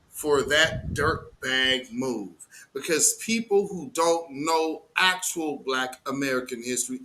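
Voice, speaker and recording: A man's voice: fairly high pitch, bright, forceful tone, slight background noise, low-quality recording. A man hosting a live news commentary stream, heated and mocking, with slangy, profane talk.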